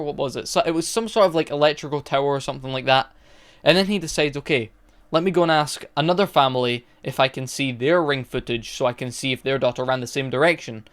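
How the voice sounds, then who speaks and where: A man's voice: on the high side, clear, resonant tone. A young man casually retelling a movie's plot for a review, rambling along with restarts and fillers. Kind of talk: casual spoken film review.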